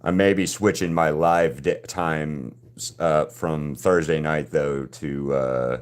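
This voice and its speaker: A man's voice: a bass voice, fairly even intonation, smooth. A man hosting a live drawing stream, chatting casually with viewers and often restarting his sentences. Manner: halting, frequent restarts and repeated words.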